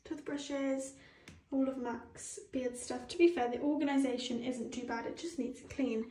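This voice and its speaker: A woman's voice: high voice, steady tone, moderate pace, warm tone, a little hiss or hum. A young British woman in her twenties, talking casually to her phone camera at home in a bathroom, in a chatty, gushing way. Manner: chatty, gushing, easily moved. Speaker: vlogger. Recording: echoey small tiled room.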